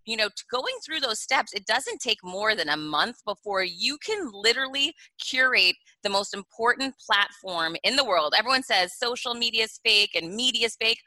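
A woman's voice: fairly high pitch, expressive, normal speed, few pauses, bright, forceful tone, dry recording, rough recording. A woman in her forties, a guest author on an interview podcast, telling stories animatedly and slipping into sing-song baby talk to act them out.

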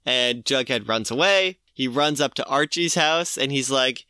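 A man with a bright, smooth voice tells a story in loose podcast chat. He recaps scenes eagerly, laughs at the jokes and swears now and then. The sound is dry and close. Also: mid-range voice, a little slow, hardly any pauses, no echo. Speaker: podcast co-host. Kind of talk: casual comedic recap chat.

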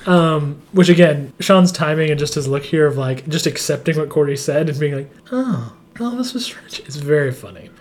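A woman co-hosting a podcast, recapping a TV episode in casual chat, opinionated and quick to sum up scenes. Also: sits low, fairly even intonation, a little mellow. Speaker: podcast co-host.

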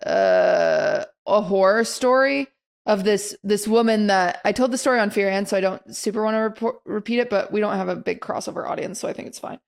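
A young woman co-hosting a podcast in casual chat, telling stories in an animated way and acting out other people's reactions. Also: medium pitch, fairly quick, vocal fry. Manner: animated storyteller who acts out quoted reactions. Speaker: podcast co-host.

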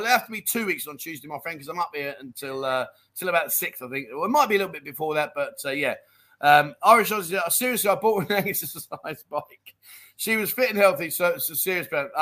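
Jokey bright-voiced man. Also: fairly high pitch. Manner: jokey, laughs often, calls people mate. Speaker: live chat show host reading viewer comments. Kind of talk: casual live-stream chat.

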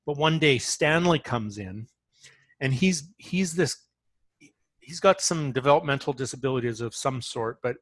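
A man's voice: mid-range voice, animated, measured pace, fairly bright tone, dry recording. A man speaking as an author in an interview, talking earnestly and often restarting his phrases as he tells a story.

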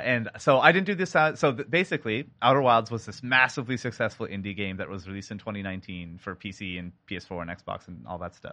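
A man's voice: lowish voice, no echo. A man from India, a sound designer, telling stories in a casual interview with many restarts. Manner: animated storytelling with many likes and restarts.

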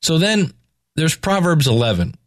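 Man, slightly higher voice, dry close sound; casual scripture reader mixing verses with chatty asides. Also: sing-song, moderate pace, no echo. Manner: reads scripture aloud then paraphrases in slangy asides. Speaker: Bible reading commentator. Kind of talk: casual Bible reading and commentary.

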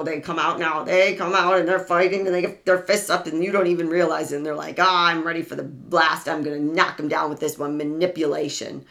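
A woman giving an emphatic explanatory talk, animated and full of rhetorical questions. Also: lowish voice.

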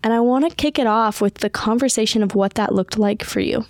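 A woman's voice: on the high side, brisk, darkish tone, no room sound. Woman, Southern US accent, podcast co-host, enthusiastic, chatty, dry recording. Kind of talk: upbeat podcast interview.

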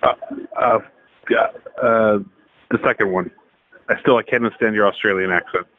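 A hesitant, stammering man chatting casually from a tinny phone line. His voice sits a little low, and the sound is dry and close. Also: steady tone, moderate pace, dry recording. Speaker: phone-in guest. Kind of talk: casual chat.

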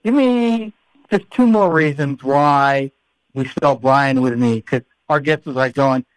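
A man's voice: medium pitch, takes it slowly, no room sound. A man hosting a podcast in casual, playful banter, joking and often repeating his words. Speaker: podcast host.

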